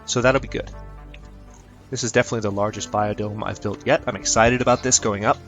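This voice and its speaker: A man's voice: lowish voice, fairly even intonation, fairly quick, soft background music. A man giving casual let's-play commentary, chatty and upbeat, thinking aloud with fillers as he plays. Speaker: gameplay commentator.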